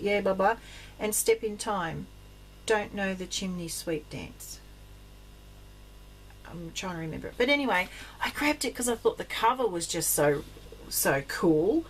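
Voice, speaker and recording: A woman's voice: normal speed, slight background noise. Chatty Australian woman rambling about craft finds. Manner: chatty, rambling, many ums, bursts of excited high pitch. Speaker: craft vlogger. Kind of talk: casual rambling chat.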